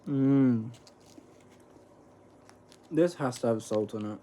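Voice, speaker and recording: A man's voice: on the low side, steady tone, unhurried, dark tone. A young man, chatting casually in a rambling, slangy vlog while snacking, swearing freely. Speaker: vlogger. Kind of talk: casual eating vlog chat.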